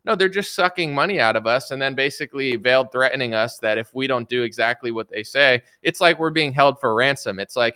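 A man's voice: mid-range voice, fairly quick, hardly any pauses, sharp tone, clean tone, dry recording, studio quality. A man commenting in an opinionated, rambling vlog style, often adding filler words and mocking the voices of media and politicians. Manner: rambling, opinionated, frequent "like" and "you know".

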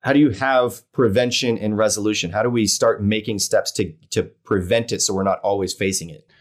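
Low-voiced male interviewer. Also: steady tone, a little fast. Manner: conversational, rambling questions, frequent "mm" listening sounds. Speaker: interviewer host.

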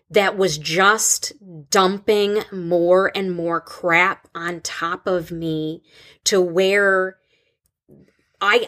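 A woman in her thirties, a school counselor hosting a podcast, talking in a halting, open way with many restarts. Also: medium pitch, fairly bright tone. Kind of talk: casual podcast conversation.

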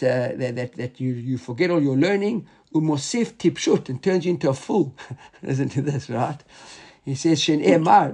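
Guy giving a class, kinda higher voice, reads the then explains it, lots of repeating himself. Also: a little mellow. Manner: reads Aramaic and Hebrew aloud, explains in English, repeats and restarts words. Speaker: Talmud teacher. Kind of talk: Talmud class lecture.

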